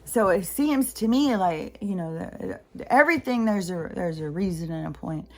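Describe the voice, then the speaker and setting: A woman's voice: on the low side, expressive, moderate pace. A middle-aged woman talking in a casual, rambling vlog monologue, jumping between tangents with lots of fillers. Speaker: spiritual vlogger.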